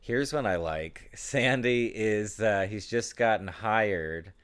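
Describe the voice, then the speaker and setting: A man's voice: lowish voice, takes it slowly, fairly bright tone, clean tone. A man co-hosting a podcast in casual chat, rambling and laughing often. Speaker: podcast co-host.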